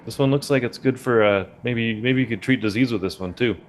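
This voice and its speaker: A man playing in a tabletop game, jumping in eagerly and quickly. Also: medium pitch, a little hiss or hum. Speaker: player. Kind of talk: casual tabletop play.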